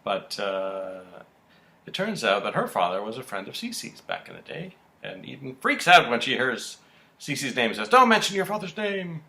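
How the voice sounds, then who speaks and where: A man co-hosting a podcast, casually recapping soap-opera episodes in an animated storytelling way and acting out the characters' lines. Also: medium pitch, moderate pace, gravelly. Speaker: podcast co-host.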